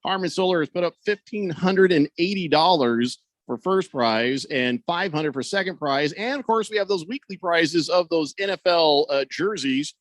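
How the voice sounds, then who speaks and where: A man's voice: on the high side, expressive, normal speed, few pauses, dry recording. A man hosting sports talk radio in a studio, joking around and reading out listener comments. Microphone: studio microphone.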